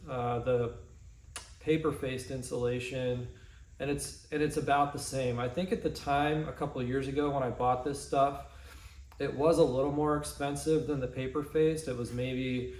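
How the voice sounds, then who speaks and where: A man casually walking through his own barn insulation project, talking in a relaxed, rambling way with frequent ums and restarts. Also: mid-range voice. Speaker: DIY vlogger. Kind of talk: casual walkthrough narration. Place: pole barn workshop.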